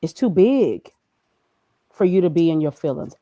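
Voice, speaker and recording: Brief: lower-voiced woman guest, dry close sound, emphatic motivational talk. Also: moderate pace, vocal fry, dark tone, no echo. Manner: emphatic, preachy, talks through her own feelings. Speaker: guest, graphic designer. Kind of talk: casual motivational conversation.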